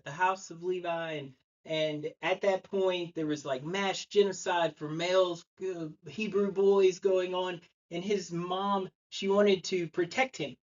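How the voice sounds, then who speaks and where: Dull audio captures a man in his thirties delivering a sermon in a church sanctuary. His voice sits high and is a little mellow, and he narrates stories conversationally, dramatizing the quotes.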